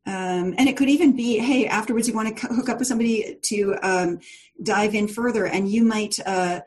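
A woman's voice: medium pitch, a little fast, darkish tone. A woman leads a live online class over a video call, chatty and encouraging. She laughs easily, leans on fillers and restarts, and keeps talking straight to her students. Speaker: course leader.

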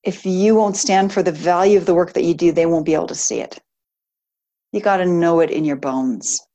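A woman's voice: lowish voice, brisk. A woman coaching a group of entrepreneurs in a live session. She talks in an encouraging, emphatic way, laying out numbered steps and checking in with her listeners. Her delivery is loose and conversational, with fillers and restarts. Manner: warm, encouraging, with frequent laughs and fillers. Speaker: business coach.

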